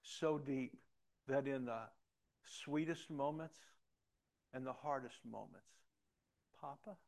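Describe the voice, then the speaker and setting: Middle-aged guy preaching a sermon, gravelly voice, lots of restarts then gets loud and emphatic. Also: mid-range voice, slow pace. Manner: earnest storytelling with many restarts, rising to emphatic exhortation. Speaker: pastor.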